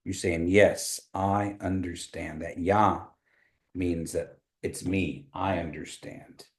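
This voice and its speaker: A man from Oklahoma teaching a small language class, patiently explaining pronunciation and repeating phrases slowly. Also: sits low, fairly even intonation, low-quality recording. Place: meeting room with a small class.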